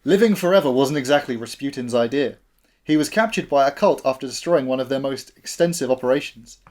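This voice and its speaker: A man's voice: medium pitch, lively intonation, brisk, darkish tone. A man playing a board game with friends, joking and reading out his character card. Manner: joking, playful banter. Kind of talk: casual chat and reading card text.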